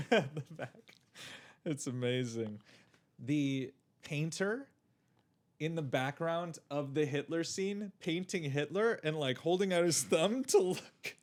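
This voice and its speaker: A man's voice: a little high, expressive, takes it slowly. A man co-hosting a movie podcast in casual chat, talking freely with swearing and frequent laughs. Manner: chatty, swearing, laughs often. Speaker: podcast co-host.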